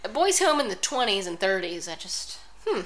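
A woman's voice: medium pitch, sing-song, moderate pace, a bit bright, slight background noise. A woman co-hosting a podcast in casual chat, blunt and sarcastic with strong opinions. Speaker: podcast co-host.

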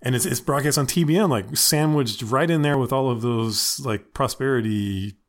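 A man hosting a casual podcast chat, pausing with fillers and making dry jokes. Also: mid-range voice. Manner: hesitant, many fillers, dry humor. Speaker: podcast host.

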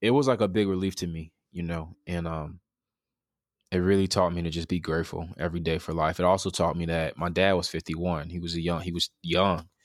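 Recounting a personal story in an interview, this man in his thirties sounds earnest and reflective, pausing for fillers and restarts in candid conversation. His pitch is low, his tone steady and his pace fairly quick, in clean studio sound with no room noise.

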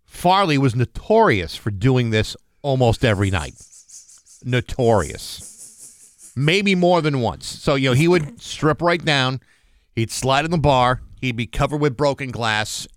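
A man's voice: medium pitch, animated, normal speed, smooth, no room sound, studio quality. A man hosting a morning radio show, chatting loosely with many fillers and reading the news.

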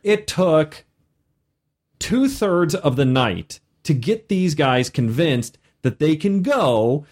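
A man with a high voice tells game stories in casual podcast chat. His pitch swoops all over as he acts out his players in an animated way. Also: takes it slowly. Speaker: podcast host and game master.

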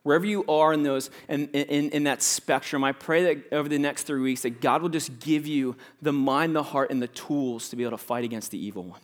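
A man's voice: mid-range voice, a little fast, few pauses. A young adult man, a pastor, preaching a sermon in a casual, conversational way with many fillers.

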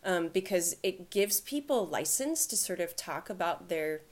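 On a casual podcast, a woman co-host with a lowish voice and lively intonation speaks at an unhurried pace. She goes on at length, rambling with plenty of fillers and frequent laughter.

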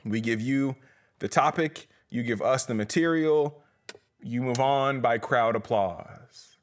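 He talks slowly, with a voice in the middle range. A young man who hosts a comedy podcast and promotes comedy shows goes on a casual, comedic ramble, plugging his gigs with profanity and jokes.

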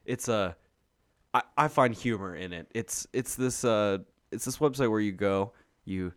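A man's voice: on the low side, a little slow, clean tone, dry recording, studio quality. A young adult man co-hosting a podcast in casual chat, rambling with fillers and restarts. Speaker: podcast co-host.

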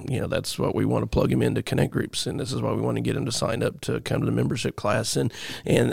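A man's voice: mid-range voice, gravelly, a little mellow, breathy edge, no echo, studio quality. A man, a pastor, talking earnestly in a rambling way on a church podcast. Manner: rambling, earnest, many fillers. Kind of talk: casual podcast chat.

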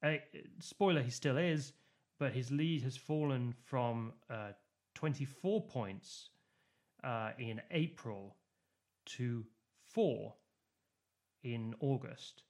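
A man co-hosting a chatty politics podcast, speaking at a middle pitch. He explains at length, circling back with fillers and false starts. The talk stays casual and unscripted. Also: expressive, slow, a little mellow. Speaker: podcast co-host.

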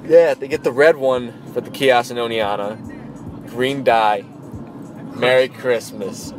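A young man from New York talking in a car while music plays clearly behind him. He trades loose, profane podcast banter and laughs a lot. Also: mid-range voice, steady tone, takes it slowly, rough recording. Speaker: podcast co-host. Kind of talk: casual podcast chat. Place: parked car.

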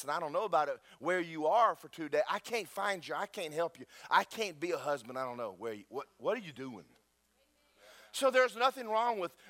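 A high-sitting male voice, recorded with no room sound, belongs to a pastor preaching to his church. He's a lively, joking storyteller who talks straight to the people before him.

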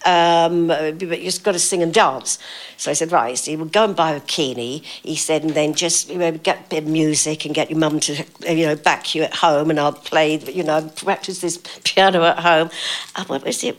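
A woman's voice: sits low, normal speed. An older woman telling stories as an interview guest, chatty, laughing often and acting out what people said. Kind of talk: casual anecdotal storytelling.

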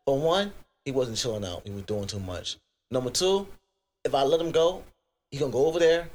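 A young American man with a Virginia accent, co-hosting a crude comedy podcast, telling stories in an animated, profane rant. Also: medium pitch, a little fast. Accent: US Southern, Virginia. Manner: profane, animated storytelling with outbursts. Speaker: podcast co-host.

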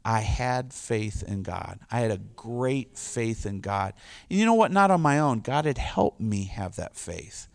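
A man's voice: on the low side, animated, measured pace, creaky, no echo. A middle-aged man preaching a casual, conversational sermon, loose and informal with lots of "like" and "you know". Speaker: pastor.

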